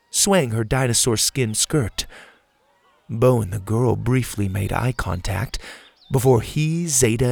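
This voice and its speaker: A man reads a storybook aloud in an even, clear storytelling manner. His voice is gravelly and rough at the edges, and the recording is dry, with the mic close. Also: lowish voice, no room sound. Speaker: audiobook narrator. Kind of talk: scripted storybook narration.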